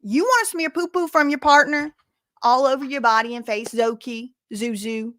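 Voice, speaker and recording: A woman hosting a casual livestream commentary, reading out chat messages and reacting loudly, repeating phrases and exclaiming with disgust. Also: high voice, normal speed, no echo, clean studio sound.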